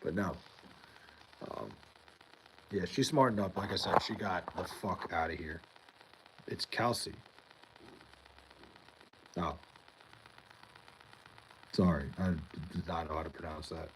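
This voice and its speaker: A young man with a deep, low voice hosts a casual livestream from home. He rambles, swears freely and answers his chat by name. A faint hiss of noise sits under the recording. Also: slow pace, pauses often. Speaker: livestream host reading chat. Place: home in New York.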